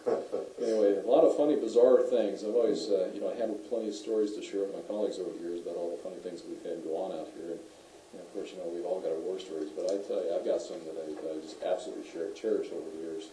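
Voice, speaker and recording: A man's voice: low-pitched, steady tone, racing, dark tone, reverberant, far from the mic, a little hiss or hum, rough recording. A middle-aged man, a former police officer, telling rambling, folksy stories to a community audience, full of restarts and fillers. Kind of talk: storytelling speech to a community audience.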